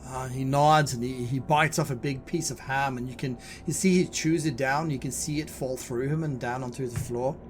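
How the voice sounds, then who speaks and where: A man narrating a tabletop horror game as game master, speaking English as a second language, halting and repeating words as he goes. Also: medium pitch, fairly even intonation, faint music behind. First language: Swedish.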